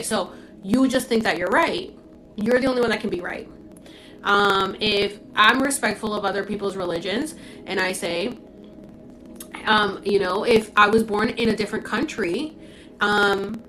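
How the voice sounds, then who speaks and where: A woman's voice: medium pitch, a bit bright, a little hiss or hum, rough recording. A young woman hosting a live stream from her phone at home, talking firmly and lecturing, repeating her points. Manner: firm, lecturing, repeats herself. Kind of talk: casual live-stream chat.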